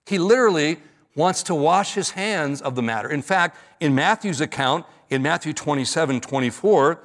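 A man's voice: a little high, expressive, normal speed, a bit bright. A man preaching an earnest expository sermon, stretching key words for emphasis. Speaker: pastor.

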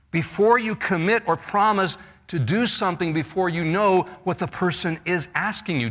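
A man preaching an expository sermon, walking through scripture verse by verse. His voice sits a little high and rings bright and forceful. He acts out the quoted lines and laughs lightly now and then. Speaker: pastor.

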